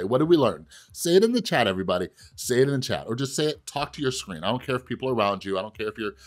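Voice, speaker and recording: Animated man commentating his card game. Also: mid-range voice, very fast, few pauses. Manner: animated, chatty, talks to viewers, bursts of excitement. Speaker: gaming video host. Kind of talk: casual gameplay commentary.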